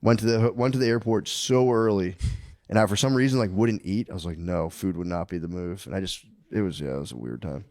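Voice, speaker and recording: A man's voice: sits low, fairly quick, darkish tone, no room sound, clean studio sound. A man in his thirties co-hosting a podcast, chatting casually and swearing, telling stories with bursts of acted voices. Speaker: podcast co-host. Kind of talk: casual chat.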